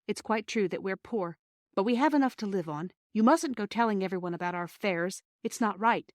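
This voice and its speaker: A woman voicing a gentle but firm mother who speaks softly and low. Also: a little fast, no room sound, studio quality, close to an everyday voice.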